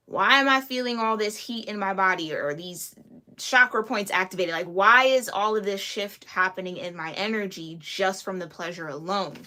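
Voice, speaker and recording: A woman's voice: medium pitch, bright, forceful tone. A woman giving a casual, chatty tarot reading, slangy and laughing often. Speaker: tarot reader.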